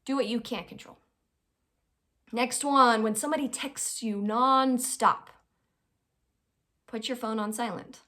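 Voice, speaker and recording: Woman, fairly high voice, informal advice lesson, conversational, keeps checking in with the listener. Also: a little slow, long pauses. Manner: acts out quoted people in lively little voices. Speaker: advice host. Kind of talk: informal life-skills lesson.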